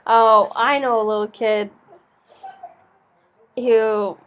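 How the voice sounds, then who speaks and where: A woman co-hosting a casual chat, making playful, quick asides. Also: on the high side, steady tone. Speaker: co-host. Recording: dull, muffled audio.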